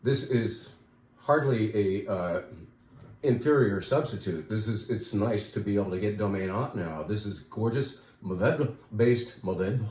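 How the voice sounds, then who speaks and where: A man's voice: fairly low pitch, measured pace, a little mellow, echoey room. A man hosting a casual wine shop talk, chatty and enthusiastic, with many fillers and asides.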